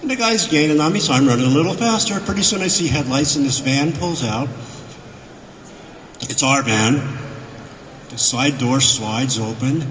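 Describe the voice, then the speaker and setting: A man guesting on a convention panel, telling animated anecdotes to a live audience and acting out the voices in his quotes. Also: medium pitch, normal speed, long pauses, slight background noise. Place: convention hall. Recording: echoey hall, miked from afar.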